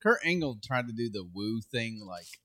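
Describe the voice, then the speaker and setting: A man's voice: medium pitch, big pitch swings, moderate pace, sharp tone, slight background noise. A man co-hosting a casual podcast from a cafe, easygoing and enthusiastic, close on a podcast mic. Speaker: podcast co-host. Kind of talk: casual chat.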